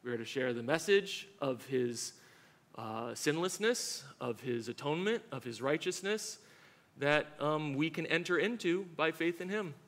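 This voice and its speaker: A man presenting the gospel fervently to a church gathering, building in excitement. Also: a little high, a little slow. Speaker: panel speaker.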